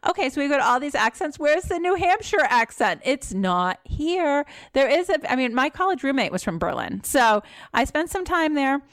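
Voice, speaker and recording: A woman from New England co-hosting a podcast review, animated and exasperated as she talks. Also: high-pitched, no echo, clean studio sound. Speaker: podcast co-host.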